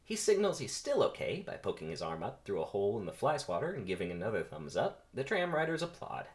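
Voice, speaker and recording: A man's voice: on the low side, wildly swooping pitch, fast. A man casually reading stage directions aloud on a first, unrehearsed read. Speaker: script reader.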